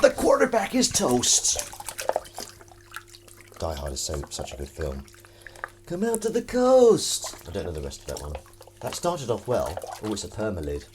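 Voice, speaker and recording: Male streamer, deep and animated, rambling self-mocking chat. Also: noisy background. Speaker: live streamer. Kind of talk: casual live-stream chat.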